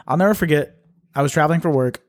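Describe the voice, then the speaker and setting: A man's voice: fairly high pitch, a little fast, no room sound, studio quality. A man co-hosting a podcast, chatting casually about basketball in a rambling, laid-back way, laughing often. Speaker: podcast co-host. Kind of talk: casual sports talk.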